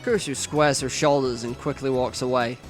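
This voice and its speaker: A man's voice: mid-range voice, steady tone, brisk, faint music behind. A man playing through a visual novel, reading the narration aloud in first person with asides to the viewer. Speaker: let's player.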